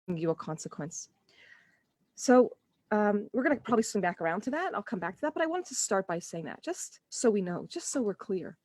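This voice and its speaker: A woman's voice: mid-range voice, very animated, a little fast, a little mellow, dry recording. Earnest woman coaching parents, dry sound. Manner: earnest, conversational, full of restarts and acted-out inner thoughts. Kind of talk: live online Q&A talk.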